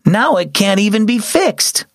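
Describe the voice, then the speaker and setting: A scolding little sister, as a male narrator puts her on, pitched well above his own voice. She exclaims with lively, reproachful swings. The sound is close and dry. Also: a little slow, husky, dry recording, full character voice.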